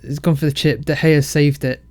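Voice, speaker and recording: A man casually commentating his football management game, excitable and self-mocking. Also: a little high, moderate pace, dry recording. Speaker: game let's-play creator.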